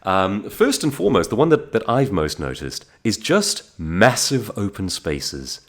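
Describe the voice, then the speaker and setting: Facing the camera, a man from South Africa tells stories in a relaxed, animated monologue, frequently starting over. He has a South African accent and an unhurried, fairly low-pitched voice.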